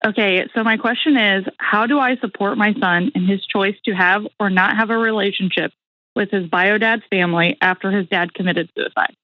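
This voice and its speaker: A young woman from Indiana speaks on a slightly muffled call, hesitant and earnest, with plenty of fillers. Her voice is middle in pitch and dry. She sounds like a caller asking for help. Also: moderate pace, no room sound. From Indiana, USA. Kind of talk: phone-in conversation.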